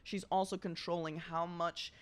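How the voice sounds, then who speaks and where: A woman's voice: on the low side, flat delivery, normal speed. A woman who is an opera singer and vocal coach talks casually as she reacts to a recording. She has a mezzo voice and sings short phrases here and there to show a technique.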